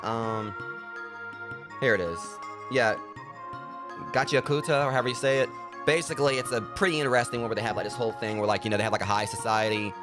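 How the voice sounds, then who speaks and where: Fast, rambling gamer guy. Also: lowish voice. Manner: rambling, filler-heavy. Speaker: let's play host. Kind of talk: casual gameplay commentary.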